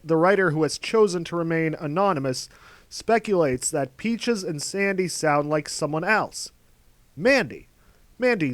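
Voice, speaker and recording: A man's voice: fairly high pitch, dry recording. Sardonic man narrating a video essay. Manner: sardonic, exasperated. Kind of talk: scripted commentary narration.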